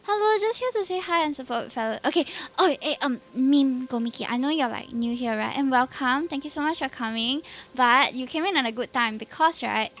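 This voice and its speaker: High-voiced Singaporean woman streamer. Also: a little fast, hardly any pauses, a bit bright. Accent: Singaporean English. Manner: playful, chatty, heavy Singlish particles, frequent laughter. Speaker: VTuber streamer. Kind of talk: casual live-stream chat.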